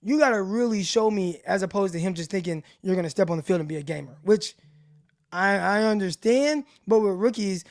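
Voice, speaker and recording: A man hosting a casual sports livestream, his voice fairly high for a man. He talks in loose, rambling bursts and keeps restarting his sentences, and the sound is close and dry. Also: a little fast, dry recording. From Stockton, California. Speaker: sports show host.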